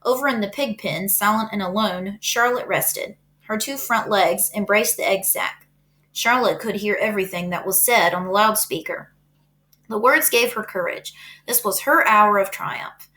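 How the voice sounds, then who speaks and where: A woman's voice: mid-range voice, moderate pace, sharp tone. A woman teacher reading a children's book aloud, casual and chatty, with fillers. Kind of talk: storybook read-aloud.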